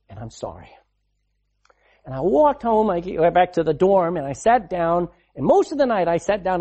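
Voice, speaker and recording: A man preaching a sermon, repeating phrases for emphasis and swinging between loud and hushed delivery. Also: fairly high pitch.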